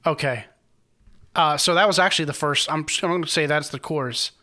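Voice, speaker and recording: A man's voice: a little high, brisk. A man hosting a music reaction channel, talking casually and with feeling as he explains the chords of a song, often restarting his sentences. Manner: earnest and moved, speaks about the song with feeling.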